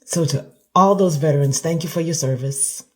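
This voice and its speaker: A woman talking through an emotional reaction, halting and clearing her throat at times. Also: low-pitched, a little mellow. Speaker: commentator.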